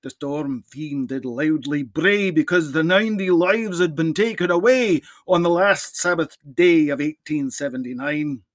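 A priest guesting on a podcast, reciting a poem theatrically in a put-on Scottish dialect. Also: male voice, on the high side, unhurried, hardly any pauses, no room sound. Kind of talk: dramatic poem reading.

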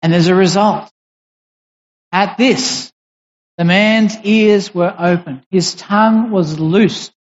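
A preacher giving a sermon in a deliberate, emphatic way, pausing and restarting as they explain. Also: medium pitch. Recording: dull recording in a reverberant hall.

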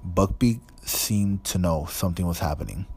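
A man reading an audiobook in a measured, even storytelling manner. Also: low-pitched, slightly rough. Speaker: audiobook narrator. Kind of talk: scripted narration.

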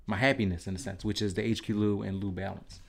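Young Philly guest, lowish voice, hesitant, halting delivery. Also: male voice, fairly even intonation, creaky. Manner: hesitant, many fillers and restarts. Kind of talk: casual conversation.

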